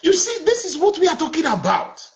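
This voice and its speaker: A man's voice: very high voice, huge pitch swings, brisk. A man with a Nigerian accent hosting a live call-in debate, confrontational and repetitive, talking over callers. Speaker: host.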